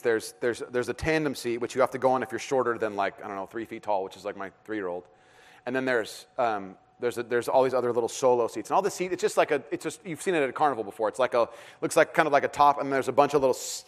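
Preaching a sermon, a pastor in his thirties tells a family story with real energy, laughing often along the way. His voice sits at a medium pitch.

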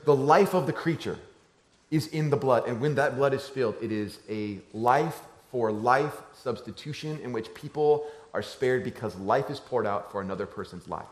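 A pastor's sermon centers on a family story; the man drops to hushed, low tones and then rises to loud, animated lines. The space he's recorded in is echoey.

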